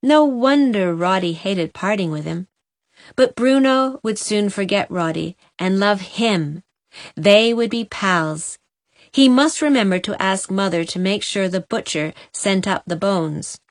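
A woman narrating a storybook gently for an audiobook. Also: medium pitch, expressive, measured pace, no room sound, clean studio sound.

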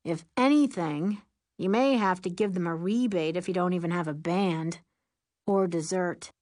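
A woman's voice: on the low side, moderate pace, a little mellow, dry recording, clean studio sound, lightly acted. A woman voicing a theatrical, indignant teenage student.

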